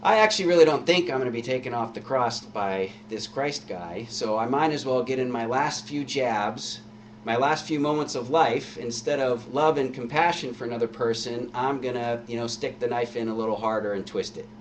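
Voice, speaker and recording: A man's voice: medium pitch, moderate pace, natural voice. A man voicing a bitter, mocking male thief dying on a cross, heard from a distant mic with a faint hum. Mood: spiteful. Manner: mocking, scornful.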